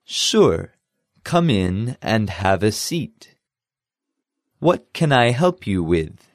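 A man's voice: medium pitch, no room sound, studio quality. A man voicing a friendly university professor in a scripted dialogue for a language lesson. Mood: slow, clear. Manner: relaxed, friendly, reads lines then slowly repeats them.

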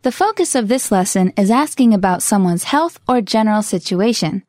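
A woman's voice: medium pitch, animated, moderate pace, a little mellow. A woman co-hosting a scripted English lesson, explaining phrases in a friendly, upbeat way. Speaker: English teacher.

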